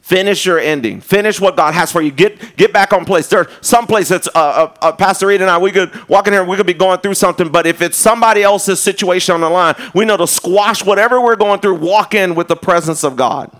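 A man with a somewhat high voice preaches a live sermon, talking to the congregation like a friend. He trips over restarts and jokes along the way, then slows way down and drops his voice to drive a point home before climbing back up to exhort. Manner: conversational preaching with humor and repeated restarts; drops low and slow for emphasis, rises loud when exhorting. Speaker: pastor.

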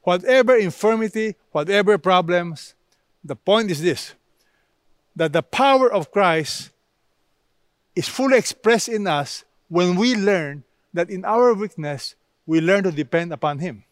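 A man's voice: high-pitched, animated, measured pace, no echo, studio quality. A man preaching a sermon, stressing key words by repeating them.

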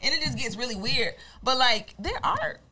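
Lively, swooping young woman co-host. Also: high voice, moderate pace, a loud crowd. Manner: playful, profane, swings from mumbled asides to loud rants. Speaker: podcast co-host. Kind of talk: casual comedic chat.

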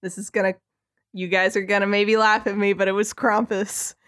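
A woman's voice: mid-range voice, level tone, normal speed, fairly bright tone, no room sound, studio quality. A woman co-hosting a podcast, talking films through casually and picking her words as she goes. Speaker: podcast co-host. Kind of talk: casual film discussion.

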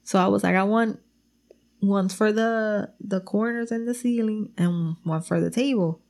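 A woman telling animated stories in casual chat, switching between English and Spanish, swearing freely and often laughing. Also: medium pitch, measured pace, vocal fry. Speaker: girlfriend telling stories about her partner.

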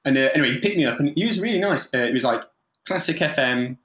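A man's voice: on the high side, fast talker. A man, a photographer, telling anecdotes casually with plenty of fillers and acted-out voices. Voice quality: animated, lots of fillers and mimicry. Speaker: photographer, podcast guest. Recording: roomy echo.

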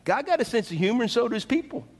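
A man preaching a sermon as pastor, animated and conversational, asking his listeners questions. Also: extremely high pitch, quick pace, a faint crowd.

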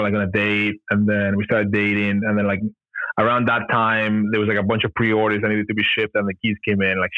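Low-voiced man rambling through a story. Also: no echo, narrow, tinny audio. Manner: rambling, heavy use of "like" and "you know", laughs often. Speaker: podcast guest, gear company founder. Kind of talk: casual storytelling in an interview.

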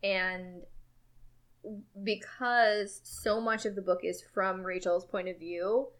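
A woman's voice: mid-range voice, steady tone, slow pace, fairly bright tone. A woman co-hosting a casual chat about a book and its film, talking freely and animatedly and swearing now and then. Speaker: podcast co-host.

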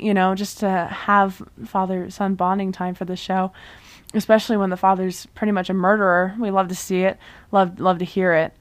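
A young woman casually recapping a TV season, chatty and full of fillers, quickly acting out the characters' lines as she goes. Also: medium pitch. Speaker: vlogger recapping a TV show.

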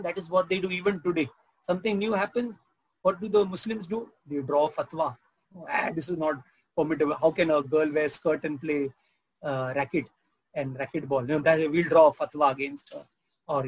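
A man's voice: sits high, slightly rough, low-quality recording. A man preaching a sermon as pastor, conversational, asking the audience questions and joking. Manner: conversational, asks the audience questions, tells jokes.

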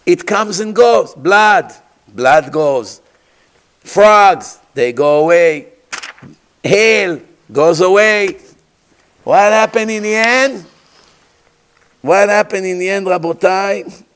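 A man's voice: high-pitched, takes it slowly, long pauses, a bit bright, clear, resonant tone. A man preaching as a rabbi, telling stories dramatically in imperfect English and asking his listeners rhetorical questions. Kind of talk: sermon.

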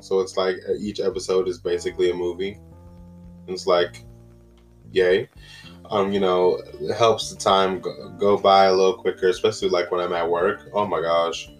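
A man hosting a casual solo podcast, rambling and chatty with lots of fillers and exclamations. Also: deep voice. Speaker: podcast host.

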